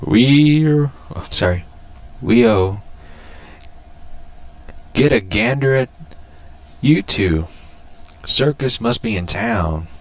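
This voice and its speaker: A man's voice: medium pitch, lively intonation, drawn-out words, long pauses. A man voicing a smelly old southern prospector, with a Southern US accent and a folksy drawl.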